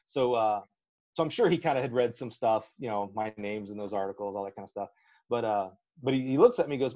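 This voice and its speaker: A man from Alabama, a track coach, spins a long story on a podcast in a folksy, animated way and acts out every quote. His voice sits mid-range, and the recording is slightly muffled and lo-fi. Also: medium pitch, a little fast. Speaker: track and field coach, guest. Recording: slightly dull lo-fi audio.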